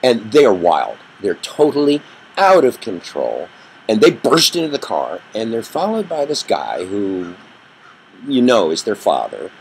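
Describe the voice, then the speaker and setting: A man teaching a communication workshop, telling a story with an animated delivery that rises and drops for effect. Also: fairly low pitch, unhurried, gravelly, slight background noise, low-quality recording. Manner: animated storyteller, rising and dropping his voice for effect. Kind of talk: storytelling lesson.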